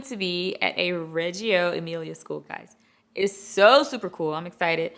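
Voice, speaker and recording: A woman hosting a casual chat show, talking in an animated, chatty and playful way. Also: fairly low pitch, measured pace, vocal fry. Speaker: host.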